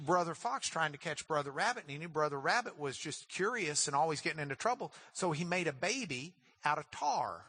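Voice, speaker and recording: A man teaching a Bible class, emphatic and animated, often repeating words when excited. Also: a little high, no echo.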